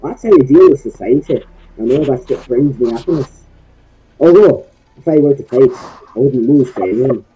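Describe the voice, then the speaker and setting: A man in a casual online tabletop game session, reciting a long meme text in a steady, deadpan way. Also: medium pitch, normal speed, a little hiss or hum, rough recording. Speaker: player. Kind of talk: casual chat, reading a meme text in a mock voice.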